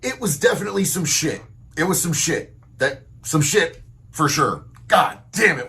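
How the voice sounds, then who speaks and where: Man, roast guest; high, gravelly voice, blunt and crude. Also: expressive, moderate pace, bright, forceful tone.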